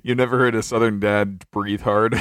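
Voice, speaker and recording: A man's voice: on the low side, level tone, moderate pace, fairly bright tone, smooth, dry recording, clean studio sound. A young man from North Carolina hosting a casual podcast, joking, laughing often and trailing off in restarts. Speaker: podcast host. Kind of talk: casual chat.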